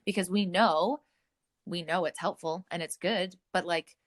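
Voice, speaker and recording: A woman's voice: lowish voice, steady tone, unhurried. A young adult woman hosting a podcast, chatting candidly, swearing freely and laughing often. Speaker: podcast host. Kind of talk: casual podcast chat.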